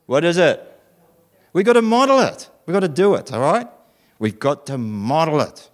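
A man's voice: a little high, moderate pace. A middle-aged man preaching a conversational sermon, telling stories, acting out voices and questioning his listeners. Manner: animated storytelling, acting out voices, asking the audience questions.

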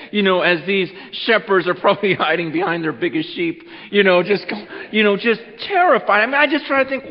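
A man preaching a Christmas Eve sermon in a church, animated and repeating words, dropping low and quiet for emphasis. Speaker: pastor. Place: church sanctuary. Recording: muffled with long hall reverb.

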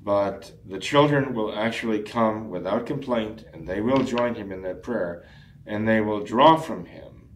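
A man earnestly discussing family prayer in a measured, instructive way, often restarting phrases and clearing his throat. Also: lowish voice, reverberant.

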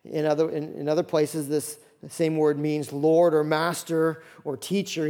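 A man in his thirties preaching a sermon as pastor, acting out the Bible figures in quick voices. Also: fairly high pitch, long reverb tail. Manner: animated, acts out Bible characters in quick voices.

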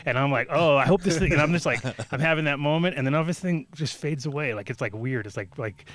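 An animated man spins a story in casual chat, swearing freely and jumping into quoted voices. His pitch sits in the middle for a man, and his pace changes with the story. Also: quick pace, no room sound. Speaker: podcast guest telling a story.

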